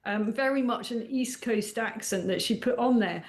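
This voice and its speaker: Bright, high-voiced woman journalist. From Scotland. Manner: quick, good-humoured banter. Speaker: international editor, guest. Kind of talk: studio chat.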